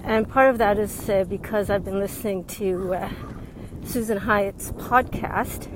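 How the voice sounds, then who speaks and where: A woman's voice: medium pitch, steady tone, measured pace. A woman life coach talking casually while out walking, a little out of breath, chatty and frank. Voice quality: slightly out of breath. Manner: chatty and frank, laughs often. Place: outdoors on a windy street. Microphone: earbuds. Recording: wind and faint traffic noise.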